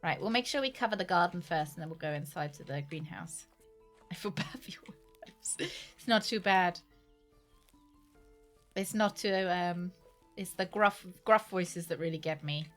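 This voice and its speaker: A woman's voice: on the low side, unhurried, long pauses, fairly bright tone, soft background music. A woman chatting through a livestream game, laughing often and rambling in jokey asides. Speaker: streamer. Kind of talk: gaming livestream commentary.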